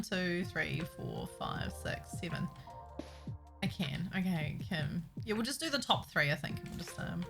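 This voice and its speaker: A woman, chatting casually with her stream audience while building, giggling and talking to herself. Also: fairly low pitch. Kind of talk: casual chat while building a game map.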